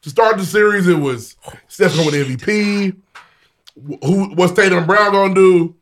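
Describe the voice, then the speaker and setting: A man co-hosting a podcast in casual chat, profane and animated, steering the topics. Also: high-pitched, normal speed, a little hiss or hum. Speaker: podcast co-host. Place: hot indoor room, game on TV.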